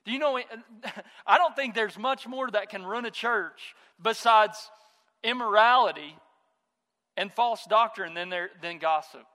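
A man's voice: high voice, a little slow, bright, forceful tone. A man in his thirties preaching a sermon as a pastor, talking conversationally and weaving in stories about his own family. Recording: long hall reverb.

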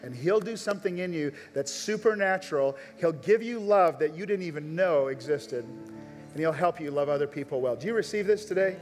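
A man's voice: a little high, animated, moderate pace, soft background music. A man preaching a sermon at a live church service, making earnest, urgent appeals straight to his listeners. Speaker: pastor. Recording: long reverb of a large church hall.

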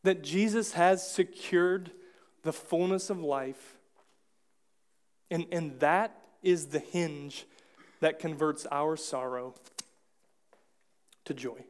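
A man with a fairly high voice preaches a sermon in a church. He talks in a relaxed, conversational way, dropping in quick asides and acting out little quotes. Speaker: pastor.

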